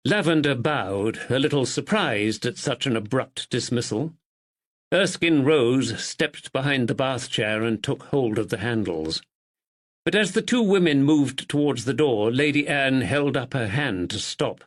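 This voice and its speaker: A man reading a mystery audiobook in a measured, expressive style. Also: medium pitch. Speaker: audiobook narrator. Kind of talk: scripted narration.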